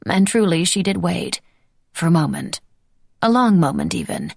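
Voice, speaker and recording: Brief: audiobook narrator, woman, gravelly texture, dry close sound. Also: fairly low pitch, huge pitch swings, normal speed, dry recording.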